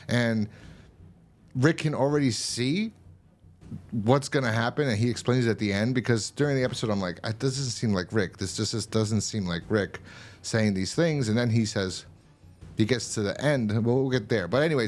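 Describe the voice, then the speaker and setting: A man hosting a show, casually recapping a TV episode in a loose, rambling way, full of fillers and swearing. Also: mid-range voice. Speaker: show host reviewing a TV episode.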